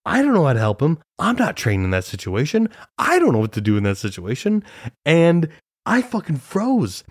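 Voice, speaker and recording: A man's voice: on the high side, wildly swooping pitch, normal speed, dry recording, studio quality. A young man hosting a solo podcast, telling a story in a rambling, casual way, swearing freely and laughing often. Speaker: podcast host.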